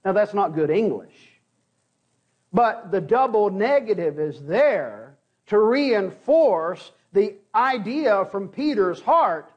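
A man, a pastor, preaching a sermon in an earnest way, often restarting words and pausing for emphasis. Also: sits high, big pitch swings.

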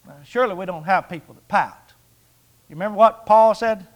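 A man's voice: high voice, a little fast. A man in his sixties preaching a sermon in a folksy, conversational way, with jokes and rhetorical questions. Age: 60s.

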